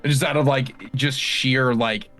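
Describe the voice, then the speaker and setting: A man's voice: mid-range voice, fairly even intonation, slow pace, fairly bright tone, soft background music. Rambling man playing a tabletop game. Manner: rambling, tangent-prone, laughing. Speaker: player. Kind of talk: casual game chat.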